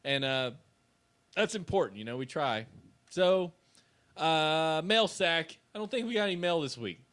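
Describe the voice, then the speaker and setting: A young man co-hosting a casual podcast, joking around and slipping into loud goofy voices. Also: fairly high pitch, expressive, unhurried. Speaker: podcast co-host.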